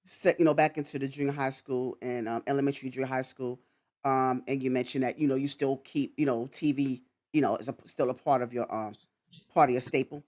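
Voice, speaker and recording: A man's voice: medium pitch, fairly even intonation, fairly quick, a little mellow. A man hosting a casual interview, asking long, rambling questions full of fillers like "you know" and "um.". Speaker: podcast host.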